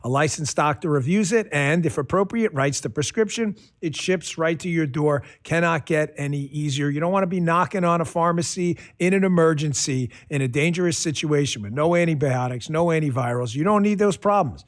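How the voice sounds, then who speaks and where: A man's voice: on the high side, a little fast, hardly any pauses. Fired-up talk show host, man in his fifties. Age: 50s. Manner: fired-up, swings from muttered asides to near shouting. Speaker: podcast host. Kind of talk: opinionated talk show monologue.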